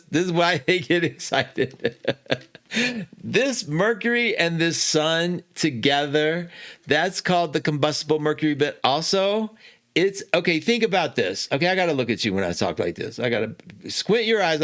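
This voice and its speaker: Chatty, animated male astrology host. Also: fairly high pitch. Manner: chatty, animated, self-correcting with laughs. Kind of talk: casual teaching talk.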